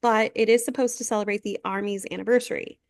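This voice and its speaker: A woman's voice: mid-range voice, quick pace, no echo, clean studio sound. A woman in her thirties co-hosting a casual podcast, talking in a blunt, sarcastic way. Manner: sarcastic, blunt, animated storytelling. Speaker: podcast co-host. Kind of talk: casual chat.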